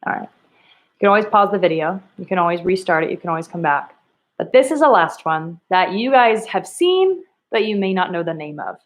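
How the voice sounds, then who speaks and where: A woman teaching a recorded reading lesson to children, asking slow, emphatic questions and acting out the quoted lines. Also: lowish voice, sing-song.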